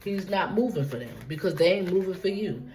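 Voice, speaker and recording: A woman's voice: fairly low pitch, lively intonation, fairly quick, mellow, slight background noise, rough recording. Woman doing a loose, profane tarot reading. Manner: loose, profane, repetitive, talks straight to the viewer. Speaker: tarot reader.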